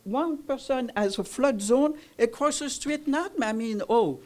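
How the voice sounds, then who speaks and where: A woman's voice: high voice, a little slow, a little mellow. An older woman from Italy, raised in France, who speaks broken English with a French accent and makes an emphatic complaint as a resident at a community meeting. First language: Italian. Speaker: resident speaking at a public forum. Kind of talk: public comment at a community meeting.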